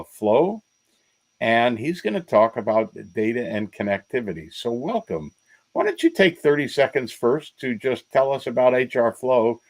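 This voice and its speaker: A man's voice: mid-range voice, low-quality recording. An American man co-hosting a podcast, introducing a guest in a wry, chatty way. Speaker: podcast co-host. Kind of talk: podcast chat.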